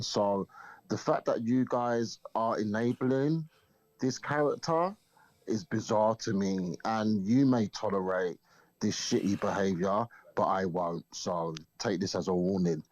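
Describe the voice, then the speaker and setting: Casting note: low-voiced man, firm and pointed, muffled dry remote audio. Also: measured pace, a little mellow, no room sound. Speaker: space host. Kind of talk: casual chat.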